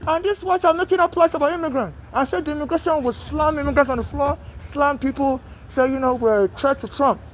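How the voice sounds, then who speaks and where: A man's voice: extremely high pitch, a little fast, few pauses, a little hiss or hum. A man from Nigeria, making an urgent, rambling plea straight to camera about being homeless and mistreated. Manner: rambling, pleading, repeats himself.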